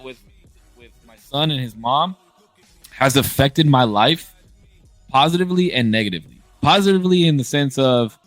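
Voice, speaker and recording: A man in his thirties talks candidly in a casual conversation, blunt and emphatic, swearing often and frequently restarting his sentences. His voice is medium-pitched with a fairly bright tone, and there's no room sound.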